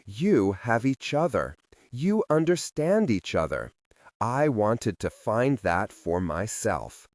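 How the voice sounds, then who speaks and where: Cast: a man as a wry, curious young woman, soft and hushed at times. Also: on the low side, very animated, slow, no echo, exaggerated voice. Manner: soft-spoken, turns to whispers.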